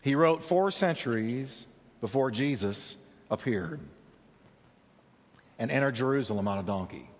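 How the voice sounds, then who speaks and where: Lively preaching man in a reverberant hall. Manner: dramatic preaching with big swings in pitch and slowed emphasis. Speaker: pastor. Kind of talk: sermon.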